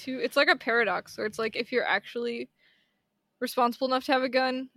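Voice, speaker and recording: A young woman from Washington State rambles through a casual podcast chat. She is giggly and pokes fun at herself. Her voice sits a bit high, and it is recorded close and dry. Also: fast talker, sharp tone, no room sound. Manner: giggly, rambling, self-deprecating. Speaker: podcast co-host.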